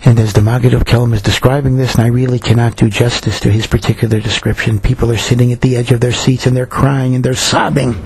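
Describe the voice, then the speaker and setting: A man giving a Torah talk as a storytelling sermon, earnest and slowing down to stress his points. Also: mid-range voice, little pitch movement, a little mellow, slight background noise, poor audio.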